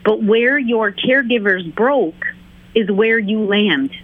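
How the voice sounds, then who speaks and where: A woman guest, an author and teacher, explaining behavior and acting out the people in her examples. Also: slow pace. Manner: acts out quoted voices with big pitch jumps. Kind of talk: interview on a call. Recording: tinny phone line.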